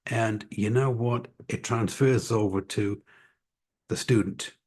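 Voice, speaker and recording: A man's voice: lowish voice, fairly even intonation, slow, a little mellow, husky. A man running an online tutoring company talks casually and energetically to parents on a livestream, with a mixed American-Scottish accent and lots of fillers and asides. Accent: American-Scottish mix. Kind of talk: casual live-stream talk to parents.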